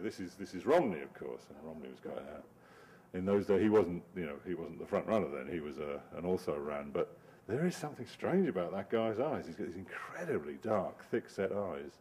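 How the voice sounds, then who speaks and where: A man's voice: low-pitched, a little mellow, slight background noise. A middle-aged man, a cartoonist giving a wry, digressive talk over his slides and laughing often. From Britain.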